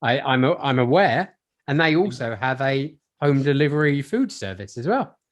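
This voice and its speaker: A man's voice: mid-range voice, sing-song, normal speed. A man co-hosting a comedy podcast with dry, punning banter. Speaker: podcast co-host. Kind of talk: casual comedy chat.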